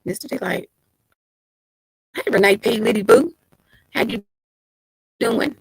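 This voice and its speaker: A woman's voice: fairly high pitch, measured pace, creaky, husky, no room sound, low-quality recording. A woman hosting a casual livestream, reading out viewer comments and greeting them by name. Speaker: livestream host.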